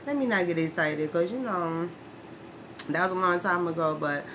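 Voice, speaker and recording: A woman's voice: fairly low pitch, lively intonation, moderate pace, close to an everyday voice. A woman playing a brash, streetwise former brawler who is touchy about her name, in a comedy skit monologue. She talks in slang, laughs often and keeps asking "right?". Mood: chatty. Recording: noisy background hiss.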